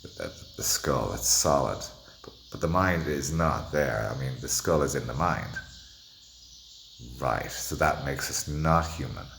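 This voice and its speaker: A man's voice: extremely low pitch, unhurried, gravelly, fairly bright tone, slight background noise. A man vlogging in a meandering, self-interrupting monologue, playful and at times dropping to a whisper. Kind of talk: rambling monologue to the camera.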